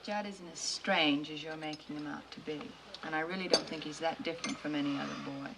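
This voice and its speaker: A woman's voice: sits low, steady tone, brisk, very noisy. An actress playing an earnest, reproachful young woman in a 1950s film. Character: spirited young woman, defending a friend.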